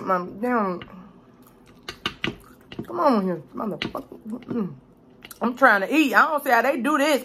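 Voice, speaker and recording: Fairly high and husky, this woman's voice carries a casual mukbang. As a chatty cooking vlogger, she's loud, salty and full of profanity, addressing the viewer as "baby" throughout her eating commentary.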